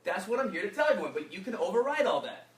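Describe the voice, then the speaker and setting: A man giving an energetic workshop talk, often quizzing the audience with fill-in questions. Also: sits high, very fast. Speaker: workshop speaker. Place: echoey workshop room. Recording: roomy echo, mic from far off, faint noise.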